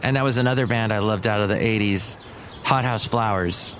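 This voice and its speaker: A man's voice: on the low side, a little fast, a bit bright, a little hiss or hum. A man hosting a solo comedy podcast, talking in a rambling, chatty way that wanders off topic. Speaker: podcast host and radio worker.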